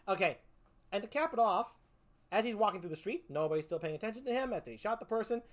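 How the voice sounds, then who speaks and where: A woman's voice: medium pitch, expressive, fast. A woman comedian doing a stand-up routine, profane, exasperated and mocking as she picks apart a film.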